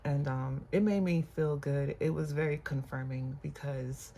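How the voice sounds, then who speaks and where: An unscripted personal vlog with a host whose voice carries a gravelly, creaky edge at a middling pitch. The host talks candidly and reflectively, pausing often and leaning on fillers. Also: fairly even intonation, dark tone, a little hiss or hum.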